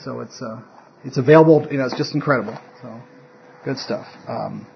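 A man's voice: medium pitch, a little fast, gravelly. Man, informal Bible teacher, meandering delivery, dull lo-fi sound, faint hiss. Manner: rambling, self-interrupting, chuckles often. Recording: dull lo-fi room recording.

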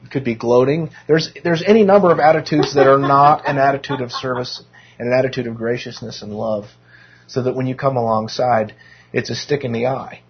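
A man with a very rough, hoarse voice leads a casual Bible class. He talks in an easygoing way, with wry asides and many restarts. The recording sounds dull and lo-fi. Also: mid-range voice, a little fast. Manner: self-deprecating, joking asides, many restarts.

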